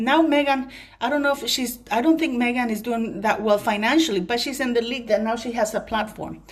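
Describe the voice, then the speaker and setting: A woman vlogger delivering an emphatic opinion rant straight to her viewers, breaking off now and then to apologize for ranting. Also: fairly high pitch. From Commonwealth country.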